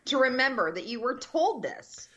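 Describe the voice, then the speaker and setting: A woman's voice: sits high, big pitch swings, normal speed, a bit bright, lo-fi sound. A woman co-hosting a podcast, ranting in casual chat and swearing freely. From United States. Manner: profane, ranting. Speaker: podcast co-host.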